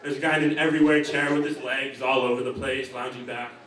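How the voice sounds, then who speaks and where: A young man doing a stand-up comedy set, offhand and deadpan with rambling asides. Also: mid-range voice, fast talker, recorded from a distance. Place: comedy stage in a hall. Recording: echoey hall, mic heard from afar.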